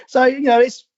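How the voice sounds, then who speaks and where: A man's voice: extremely high pitch, fairly bright tone, no room sound, dull audio. A man with a London accent hosting a casual podcast chat, chatty and laughing as he reads listener messages aloud. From southern England. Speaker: podcast host.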